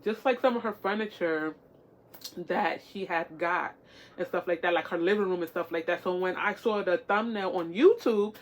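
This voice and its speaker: Chatty, encouraging woman vlogger. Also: medium pitch. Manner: encouraging, repetitive, chatty with many fillers. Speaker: tarot reader vlogger. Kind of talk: casual chat to camera.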